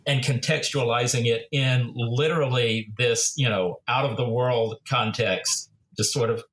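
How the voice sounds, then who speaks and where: Guy on a podcast talking about writing his book, lots of um and restarts, gets animated telling stories. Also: medium pitch, moderate pace, hardly any pauses. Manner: rambling, many restarts and fillers, animated storytelling. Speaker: author and podcast guest. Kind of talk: casual interview talk.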